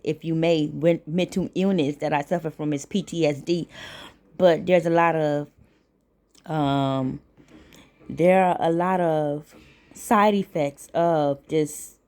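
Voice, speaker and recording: Chatty woman vlogging from bed. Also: deep voice. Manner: chatty, swears freely, animated retelling. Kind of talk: casual storytelling vlog. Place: lying in bed at home.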